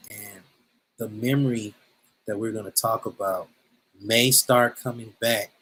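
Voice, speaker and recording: A man giving an animated talk over a video call, telling a lively story and acting out what people said. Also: fairly low pitch, slightly rough, low-quality recording. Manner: lively storyteller, acts out quotes. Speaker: presenter, drummer. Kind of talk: animated storytelling at an info session.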